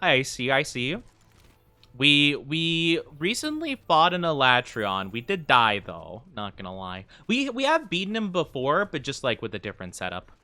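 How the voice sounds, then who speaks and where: With a slightly high, sing-song voice that sounds pushed and bright, a young man speaks at a moderate pace. He games on a live stream and rambles casually to his chat, friendly and full of fillers.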